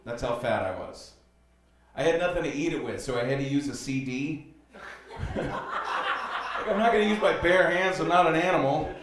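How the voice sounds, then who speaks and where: A man's voice: fairly high pitch, moderate pace, long pauses, heavy background noise. Rambling man, stand-up from afar. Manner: loose rambling delivery with many fillers; dark jokes told flatly. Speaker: stand-up comedian. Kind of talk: stand-up comedy set. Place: comedy club stage before a live audience. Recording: roomy club sound, distant mic.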